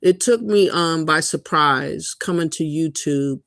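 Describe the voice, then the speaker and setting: A man's voice: fairly high pitch, unhurried, vocal fry, fairly bright tone, dry recording. A man hosting a livestream, reacting to a clip and reading chat in an indignant, ranting way. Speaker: commentary host. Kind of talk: livestream commentary.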